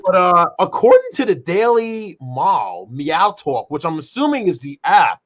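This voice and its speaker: Man, co-host, casual chat, animated, rambling, fairly high voice, dull lo-fi sound. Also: measured pace. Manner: animated, peppered with "though" and "brother".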